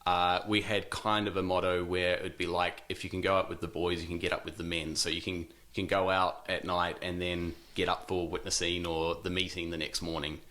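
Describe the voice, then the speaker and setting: A New Zealand man in his 30s, speaking with a New Zealand accent, is a guest in a casual interview. His low voice is relaxed but halting, full of ums, fillers, and restarts, and he laughs easily.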